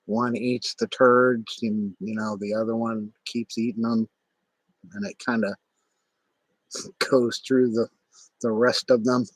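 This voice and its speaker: A middle-aged man rambling on a livestream, halting and irritable, with many restarts. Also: medium pitch, flat delivery, dry recording. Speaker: livestream host. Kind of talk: casual livestream monologue.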